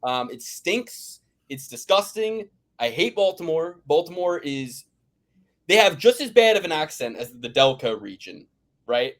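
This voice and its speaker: A man's voice: a little high, very animated, measured pace, fairly bright tone. A man from the Philadelphia area rambles through a casual sports chat. He rants hard, swears freely and restarts his sentences often. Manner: ranting, profane, rambling with restarts. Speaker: podcast host.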